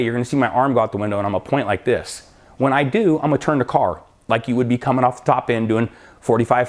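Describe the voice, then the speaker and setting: A middle-aged man tells a story in an easy, casual way at an ordinary pitch. He jumps into the other people's lines as he goes, keeping the anecdote lively. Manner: animated anecdote telling, acting out both sides of dialogue. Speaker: drag racing school owner and crew chief.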